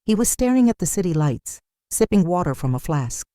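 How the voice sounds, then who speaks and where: A narrator reading a dramatic story in a steady, scripted storytelling style. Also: medium pitch, fairly quick, dry recording, clean studio sound.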